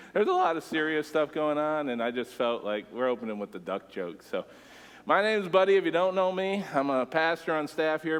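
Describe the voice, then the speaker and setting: A man preaching a sermon as a church pastor, relaxed and conversational with jokes. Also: mid-range voice. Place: church sanctuary stage. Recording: long church-hall reverb.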